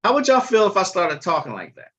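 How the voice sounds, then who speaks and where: A man's voice: sits high, wildly swooping pitch, fast talker, fairly bright tone. A man hosting a casual livestream, talking bluntly and chattily and swearing freely. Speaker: livestream host.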